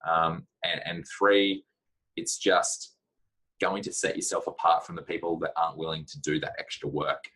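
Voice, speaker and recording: A man's voice: low voice, level tone, moderate pace, sharp tone, breathy edge, poor audio. A man giving blunt, practical career advice in a casual talk to camera, with plenty of fillers.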